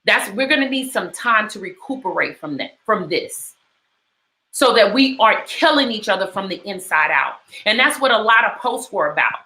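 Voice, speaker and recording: A woman's voice: medium pitch, lively intonation, normal speed, pushed and bright, reverberant, low-quality recording. A middle-aged woman hosting a talk, speaking with passion and retelling a story in repeated, emphatic phrases. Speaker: host. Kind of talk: personal commentary talk.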